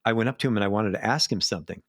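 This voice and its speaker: A middle-aged man, a live sound engineer, telling animated backstage stories in a casual interview. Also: lowish voice, very fast, no echo, clean studio sound. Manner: animated anecdotes, acts out quoted voices.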